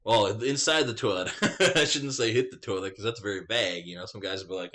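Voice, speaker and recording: A man's voice: lowish voice, a little fast, sharp tone. A man vlogging in a casual, rambling rant, swearing freely as he talks to the camera. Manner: rambling, profane, chatty.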